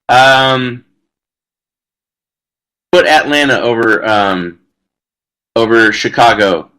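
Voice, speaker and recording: This man's voice sits fairly high and has a sharp edge, captured on a rough recording. He hosts a live sports betting show, reading viewer comments aloud with a brash, loose, chatty delivery full of "freaking" and crude humor.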